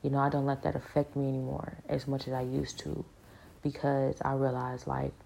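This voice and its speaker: A woman giving an earnest personal testimony in a halting, casual way, full of restarts and fillers. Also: extremely low pitch, monotone, vocal fry, warm tone. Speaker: speaker sharing a spiritual experience.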